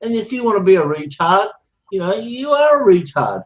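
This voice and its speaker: A man's voice: sits high, big pitch swings, a little fast, lo-fi sound. A man hosting a casual chat, ranting in a heated, profane, repetitive way while drinking beer.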